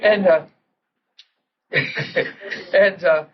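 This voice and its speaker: A man preaching through a personal story, excitable and animated, often laughing as he tells it, on a dull lo-fi old recording. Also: high voice, extremely slow, slight background noise. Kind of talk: storytelling sermon.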